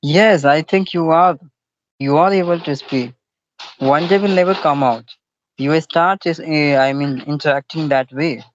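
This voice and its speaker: A man in casual conversation, encouraging his partner in halting learner English. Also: fairly high pitch, dry recording. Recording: dry, dull lo-fi audio.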